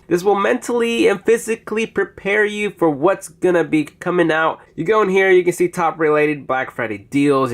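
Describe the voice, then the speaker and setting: A man casually reviewing phone apps, chatty as he demonstrates each one on screen. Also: on the high side. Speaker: app reviewer. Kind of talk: casual app review narration.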